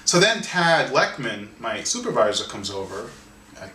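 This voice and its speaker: A man, an artist and author, telling a story in an interview in an animated way, often restarting and repeating words. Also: medium pitch, normal speed, slight background noise. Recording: roomy sound from a distance, faint ambience.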